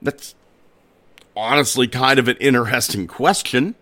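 Unhurried and sharp in tone, this medium-pitched man tells a story on his strange-tales podcast. His narration is relaxed, broken up by personal comments.

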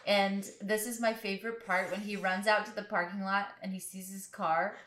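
A woman's voice: medium pitch, little pitch movement, moderate pace, a bit bright. A woman co-hosting a casual chat, recapping a movie with wry asides. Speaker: podcast co-host.

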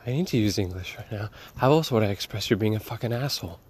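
A man's voice: fairly low pitch, lively intonation, fast talker, darkish tone, slightly rough. A man doing a fed-up, foul-mouthed house cat. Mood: resentful. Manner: yowling meows, then cursing in sulky outbursts.

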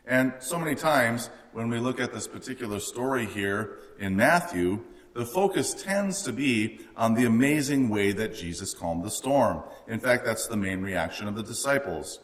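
A man's voice: mid-range voice, expressive, moderate pace, few pauses. A man preaching a sermon in an earnest way, lifting his voice when he quotes others. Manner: earnest, rising for quoted lines. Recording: long hall reverb.

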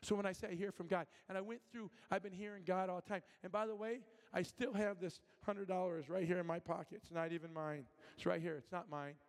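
A man from Michigan preaches in a church, his voice pitched a little high for a man. He tells stories animatedly, acts out every voice and often restarts his sentences. His words ring out with a long hall reverb. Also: steady tone, brisk, hardly any pauses. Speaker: guest preacher. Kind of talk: sermon with storytelling and prophetic ministry. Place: church sanctuary.

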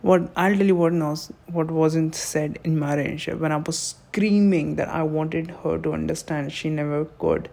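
A man giving an intense, emotional monologue on love, swearing and swinging between hushed passages and shouting. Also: a little high, fairly even intonation, normal speed, gravelly, few pauses. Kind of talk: impassioned spoken monologue.

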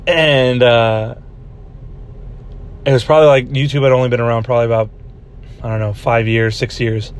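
A man's voice: mid-range voice, steady tone, moderate pace, pauses often. Rambling young man telling a story. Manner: rambling, laughs often, says "dude" a lot. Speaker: podcast host. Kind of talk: casual storytelling chat.

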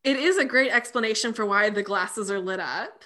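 A woman's voice: mid-range voice, normal speed, pushed and bright. A woman co-hosting a podcast in casual chat, thoughtful and a little hesitant. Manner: thoughtful, hesitant, with fillers and restarts. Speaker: podcast co-host.

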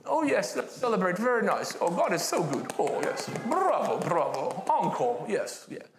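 A British preacher voicing a stiff, overly reserved churchgoer who talks in a prim, polite, understated way. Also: male voice, sits high, very animated, normal speed, background noise. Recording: echoey church hall.

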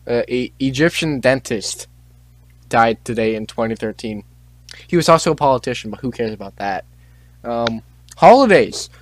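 A man's voice: mid-range voice, no echo. A teenage boy hosting a casual chat, reading out on-this-day facts, tripping over names and tossing in joking asides. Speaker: podcast host.

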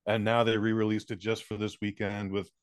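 A man's voice: on the low side, flat delivery, a little fast, dry recording. A man co-hosting a podcast, chatting in a laid-back way, swearing and using plenty of fillers. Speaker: podcast co-host. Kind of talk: casual chat.

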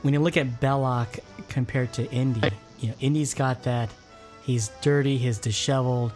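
A man's voice: medium pitch, steady tone, normal speed, a little mellow, faint music behind. A man co-hosting a casual movie commentary podcast, chatting enthusiastically. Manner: enthusiastic, chatty, many restarts. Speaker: podcast co-host.

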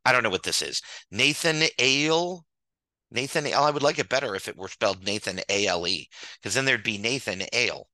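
A man with a very bright, tense, piercing voice, launching into a comedic rant. His pitch leaps up and down with lively swings, and he sounds dry and close to the mic. He is exasperated and sarcastic, swears freely and hammers his points by repeating words. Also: quick pace, dry recording, poor audio. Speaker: streamer ranting about a baseball sim game.

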